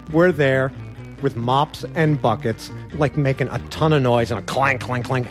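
A man telling a funny personal story in a wry, animated way, acting out the other people's lines. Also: mid-range voice. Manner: wry, animated, acts out voices. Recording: music bed behind voice.

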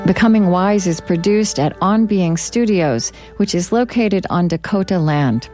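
A woman's voice: lowish voice, lively intonation, measured pace, over music. A woman hosting a podcast, probing and paraphrasing her guests, also reading the closing credits. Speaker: podcast host. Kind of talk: interview and scripted credits.

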